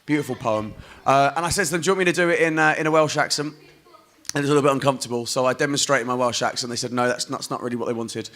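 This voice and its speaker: A man's voice: mid-range voice, very fast, a bit bright. A performance poet from Essex, a man reciting in a rhythmic, chanting way, then chatting in wry, rambling asides between poems. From Essex, England. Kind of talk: poetry reading and stage banter. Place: festival stage.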